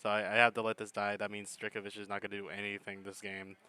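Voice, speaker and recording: A man's voice: fairly low pitch, monotone, fast talker, very noisy. A man giving laid-back, chuckling commentary on a game battle, thinking his plays through aloud. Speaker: gaming commentator.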